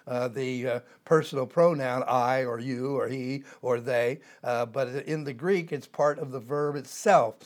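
An older man teaching a Bible passage verse by verse, explaining word by word and wandering into side topics with many "uh" fillers. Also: mid-range voice. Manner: digressive, explanatory, frequent "uh" fillers.

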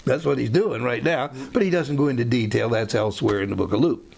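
Gravelly man teaching scripture casually. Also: medium pitch, fast, a little mellow, a little hiss or hum. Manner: conversational, rambling, with frequent restarts and asides. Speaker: Bible teacher. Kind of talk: informal Bible teaching.

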